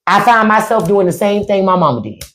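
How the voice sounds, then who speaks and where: A woman's voice: mid-range voice, a little fast. A middle-aged woman hosting a live stream, telling stories in a casual, profane way and acting out quotes. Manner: profane, animated storytelling with acted quotes. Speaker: podcast host.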